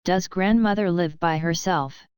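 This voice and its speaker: A woman's voice: fairly low pitch, unhurried, darkish tone, clean tone, no echo, clean studio sound, close to an everyday voice. A woman reading the lines of a sly, falsely polite male wolf in a children's storybook.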